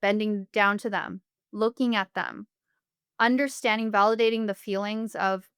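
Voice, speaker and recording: A woman's voice: mid-range voice, steady tone, normal speed, a bit bright, clear, resonant tone, no echo, clean studio sound. A woman speaking as a family therapist guest on a podcast interview, explaining earnestly with everyday examples.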